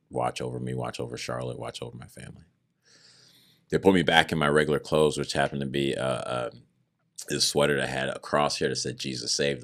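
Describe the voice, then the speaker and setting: Very deep-voiced man telling his story. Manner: animated, acts out other people's words in raised voices; earnest, religious testimony. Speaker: podcast guest. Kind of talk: personal storytelling in conversation.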